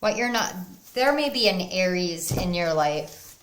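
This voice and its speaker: Woman doing a tarot reading, earnest and soothing, gets excited sometimes, faint hiss behind. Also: on the low side, a little slow. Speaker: tarot reader. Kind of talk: spiritual pick-a-card reading to camera.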